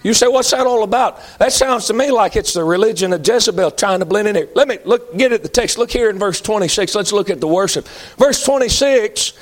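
A man's voice: high voice, animated, brisk. A man preaching a sermon in an emphatic, folksy way, repeating lines for effect.

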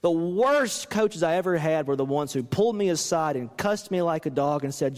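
Male pastor mid-sermon, lively swinging delivery, reverberant sanctuary. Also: on the high side, moderate pace, few pauses. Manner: animated, acts out quoted coaches with rising voice.

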